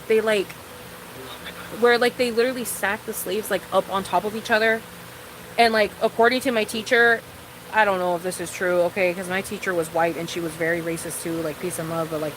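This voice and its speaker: A woman's voice: fairly high pitch, fairly bright tone, slight background noise, poor audio. A young woman streaming a casual, rambling, profane chat with her viewers, calling them girl.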